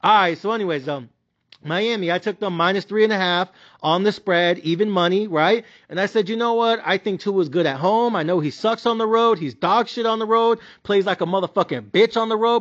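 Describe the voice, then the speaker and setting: A young man with a Mexican-American accent rants about his sports bets, swearing constantly and raising his voice to yells. His voice sits high for a man. The recording is dull and lo-fi. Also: normal speed. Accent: Mexican-American English with Spanish interjections. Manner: profane, animated ranting, yells at times. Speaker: sports betting vlogger. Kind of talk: casual ranting commentary.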